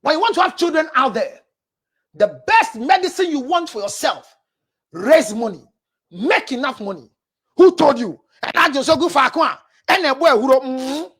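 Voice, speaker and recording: A woman with a Ghanaian accent, a counselor preaching relationship advice, forceful and scolding, often raising her voice. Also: sits high, animated, moderate pace.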